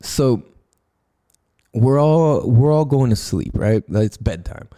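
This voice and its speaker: A man's voice: mid-range voice, animated, takes it slowly, dark tone. A man hosting a podcast in a casual monologue, talking loosely and profanely, with many fillers and restarts, acting out sounds and his own quoted thoughts as he tells a story. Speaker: podcast host.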